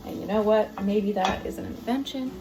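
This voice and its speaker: In her home kitchen, with music playing in the background, a cooking channel host speaks at a moderate pace in a medium-pitched voice. Her casual vlog rambles through each step, loaded with fillers and side comments.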